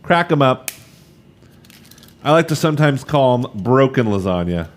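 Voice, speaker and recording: A man's voice: medium pitch, very animated, measured pace. A man in his thirties leading a live cooking demonstration, chatty and upbeat, talking straight to the viewers as he works. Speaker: cooking instructor.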